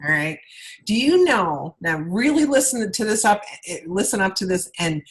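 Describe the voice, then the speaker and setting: A woman's voice: mid-range voice, sing-song, normal speed, low-quality recording. A woman talking through a video call as a sales consultant training her directors. She is chatty, repeats herself and keeps checking in with "okay?" and "all right?".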